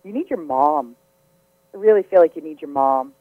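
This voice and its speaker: A woman's voice: sits low, expressive, normal speed, no room sound. Casting: chatty woman psychic medium on a radio call-in, effusive and giggly, close dry studio mic, slightly muffled broadcast sound. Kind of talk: casual live radio readings.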